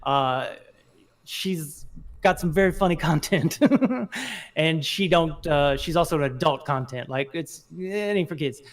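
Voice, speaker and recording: A man co-hosting a casual podcast chat, animated and laughing often. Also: fairly high pitch, measured pace. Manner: animated, laughs often, slips into put-on voices. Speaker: podcast co-host.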